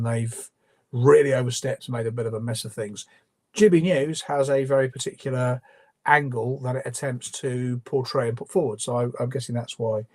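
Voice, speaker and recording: A man's voice: mid-range voice, darkish tone. This is a man with a mid-range voice, hosting a casual live question-and-answer stream. He reads viewers' messages aloud and answers with firm opinions, loosely and conversationally. His talk is full of ums and restarts. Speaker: livestream host. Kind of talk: live Q&A commentary.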